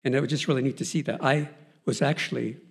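A man shares his Christian testimony in an earnest, storytelling way, often pausing on fillers and restarting his sentences. His voice sits at an ordinary pitch but has a gravelly edge and a husky texture. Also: fairly even intonation. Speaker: person giving a Christian testimony. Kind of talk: personal faith testimony.

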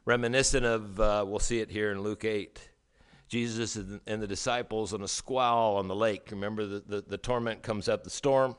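A man preaching a sermon as a pastor, emphatic, with rhetorical questions and dramatic pauses. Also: fairly low pitch, steady tone, clean tone.

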